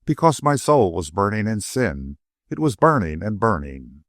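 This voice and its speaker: A man's voice: fairly low pitch, very animated, moderate pace, no room sound, clean studio sound. A man doing a humble old servant, wistful. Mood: solemn.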